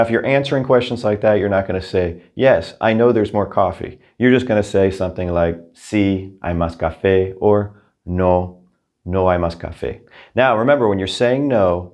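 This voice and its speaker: A man teaching a recorded Spanish lesson, upbeat and encouraging, speaking his Spanish examples slowly and carefully. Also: on the low side, a little mellow.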